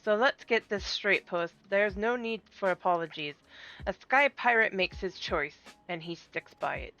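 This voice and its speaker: A woman's voice: mid-range voice, a little slow, pushed and bright. Woman voicing a blunt male sky pirate captain, drifting accent, dull lo-fi sound, game music behind. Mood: earnest.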